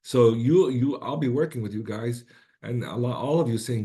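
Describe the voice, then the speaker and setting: A man closing out an online presentation in a voice that has gone a little hoarse. He talks informally with restarts and keeps checking in with his listeners. His pitch sits mid-range. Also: moderate pace, warm tone. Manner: informal, many restarts and rhetorical "right?". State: slightly lost voice.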